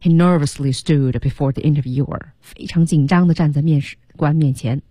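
Woman, radio lesson host, breathy voice, dry close studio sound, animated explaining. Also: low voice, brisk, no echo. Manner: animated explaining, drops English words into her talk. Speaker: radio English teacher, host.

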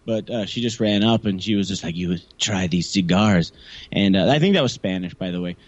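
A man's voice: fairly low pitch, fast, dull audio. A man co-hosting a podcast, telling a story casually with lots of fillers and restarts. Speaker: podcast co-host. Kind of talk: casual chat.

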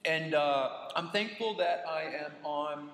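A man's voice: on the high side, slow, a bit bright. A man co-hosting a podcast, chatting casually in an upbeat, friendly way. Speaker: podcast co-host. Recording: echoey room with long reverb, faint ambience.

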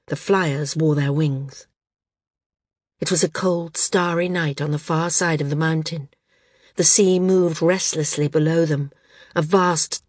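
A woman narrating a fantasy audiobook. Her telling is calm and even. The voice sits low and the recording is dry, with no room sound. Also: dry recording. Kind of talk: scripted narration.

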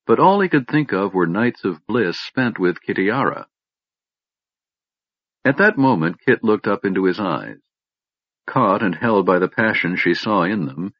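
A man's voice: fairly low pitch, no echo. Een man met een diepe stem die expressief een fantasyverhaal voorleest, levendige toon, doffe droge opname. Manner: expressive, dramatic storytelling. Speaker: audiobook narrator. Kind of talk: scripted fantasy narration. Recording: dull lo-fi recording.

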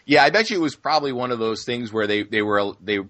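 A man co-hosting a podcast in casual film discussion, talking in halting starts and restarts. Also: mid-range voice, lively intonation, a bit bright, dry recording. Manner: halting, many restarts and fillers. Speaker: podcast co-host.

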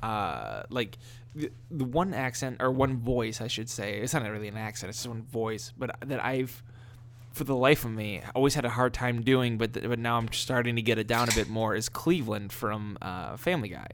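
A man co-hosting a loose conversation, his speech full of restarts and quick laughs. His pitch sits right in the middle of the male range. The talk is relaxed and unscripted. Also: a little hiss or hum. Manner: rambling, halting, laughs often. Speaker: podcast co-host. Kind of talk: casual chat. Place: living in the American South.

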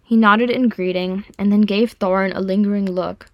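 A woman narrating a fan fiction audiobook with calm, even storytelling. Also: medium pitch, normal speed, no echo, muffled recording. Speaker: audiobook reader.

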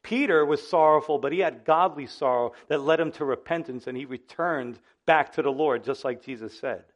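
A male pastor preaching a sermon in an animated, conversational way, often speaking straight to his listeners. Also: on the high side, moderate pace, highs cut off.

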